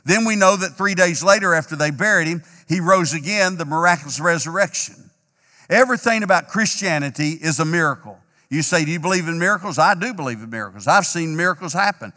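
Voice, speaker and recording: A man preaching an emphatic, repetitive sermon as pastor, a little hoarse. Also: fairly high pitch, animated, brisk, pushed and bright, long reverb tail. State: slightly hoarse, clearing throat.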